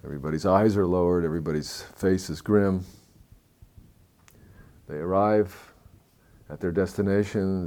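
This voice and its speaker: A man telling a story in a talk, moving between hushed, somber passages and lively, excited stretches. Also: deep voice, moderate pace, pauses often.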